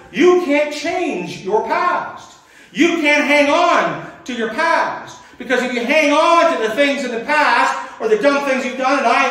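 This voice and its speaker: An older male pastor with a fairly high voice gives a folksy, rambling sermon full of chuckles and restarts. He sounds a bit far from the microphone, and his words ring through a very echoey church hall. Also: fairly bright tone.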